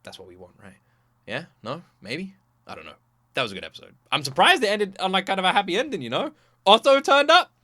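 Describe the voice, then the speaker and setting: A man hosting a reaction video, chatting casually in an animated, joking way. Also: fairly high pitch, quick pace, no echo. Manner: animated, joking, acts out scenes.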